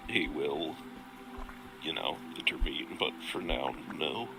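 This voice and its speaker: A man with a deep, gravelly voice, talking through his turn as a tabletop player. He sounds hesitant and deliberating, and clear music plays behind him. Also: lively intonation, takes it slowly, sharp tone, low-quality recording. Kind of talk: casual tabletop play.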